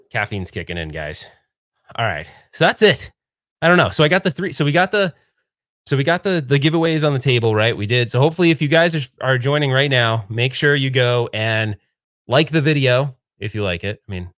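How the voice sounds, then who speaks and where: A man's voice: mid-range voice, fairly bright tone. A man in his forties hosting a casual livestream, rambling in an upbeat way and often trailing off and restarting his sentences. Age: 40s. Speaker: livestream host.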